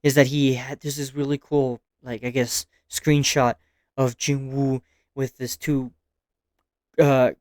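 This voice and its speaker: A man recapping anime episodes in a relaxed, excitable video review, with slang and casual swearing. His voice is smooth and resonant, at an ordinary pitch for a man. The sound is dry and close, with little room echo.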